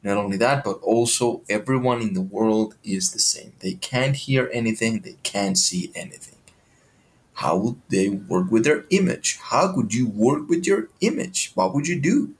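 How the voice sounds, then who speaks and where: A man with a low-pitched voice hosts a podcast in an animated, questioning way. His motivational monologue is peppered with casual swearing. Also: normal speed.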